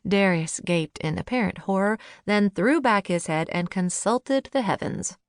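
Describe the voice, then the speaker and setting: A woman narrating a first-person novel in a measured, lightly wry manner, on a close studio mic. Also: mid-range voice, animated, no room sound. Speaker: audiobook narrator.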